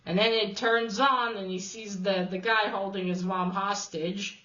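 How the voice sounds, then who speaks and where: Slow, halting woman recapping a story. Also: mid-range voice, fairly even intonation, a bit bright, muffled recording. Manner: hesitant, halting with many fillers and restarts. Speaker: video host retelling a comic. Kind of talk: casual plot recap.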